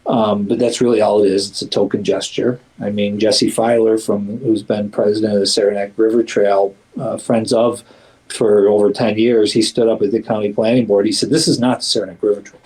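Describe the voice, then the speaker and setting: A man's voice: on the low side, level tone, normal speed, warm tone, husky, poor audio. A man being interviewed as a community activist, talking casually and emphatically with many fillers and restarts, and acting out quotes in a livelier voice.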